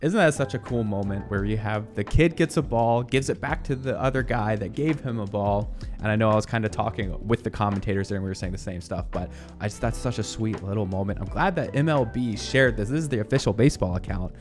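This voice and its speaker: A man's voice: on the low side, brisk, hardly any pauses, faint music behind. A man in his twenties hosting a casual good-news show, chatting and reacting to video clips in an upbeat, rambling way with frequent laughs. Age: 20s.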